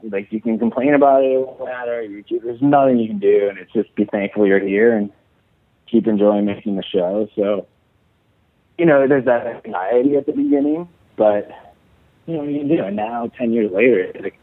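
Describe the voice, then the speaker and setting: A man from Chicago, USA, an actor in an interview, talks casually and rambles with lots of fillers and restarts. His mid-range voice is brisk, with no room sound, and the audio is dry and tinny, like a phone.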